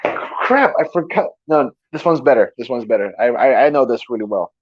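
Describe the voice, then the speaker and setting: A man's voice: medium pitch, expressive, normal speed, no echo. A man chatting casually, rambling and stopping and restarting as he tries to recall lines. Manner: rambling, hesitant, stops and restarts while trying to recall lines. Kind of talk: casual chat. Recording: dull lo-fi sound.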